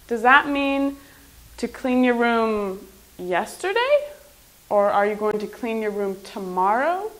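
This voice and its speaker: Bright, slow, animated woman teacher. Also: sits high, low-quality recording. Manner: animated, slow, emphatic classroom delivery. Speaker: English teacher. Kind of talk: classroom teaching.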